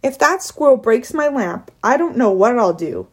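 A woman voicing a shrill, fussy mother who panics easily, her voice pitched high and loud. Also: big pitch swings, moderate pace, husky. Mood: fretful.

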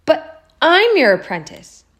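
A woman's voice: sits high, expressive, normal speed, darkish tone, voice pushed up. A woman voicing an earnest young carver. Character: earnest young male woodcarver, devoted son. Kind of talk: storybook narration.

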